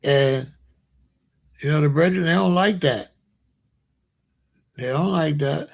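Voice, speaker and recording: Speaking slowly in a creaky, slightly high voice, an American commentary host addresses his viewers casually and at great length. He keeps circling back to the same points and boasting.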